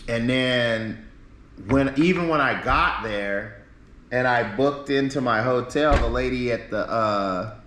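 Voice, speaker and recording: A man's voice: mid-range voice, slow pace, fairly bright tone, slight background noise. A man streaming live, telling a long rambling story in casual talk full of swearing. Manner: rambling, profane, acts out quoted people. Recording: roomy echo.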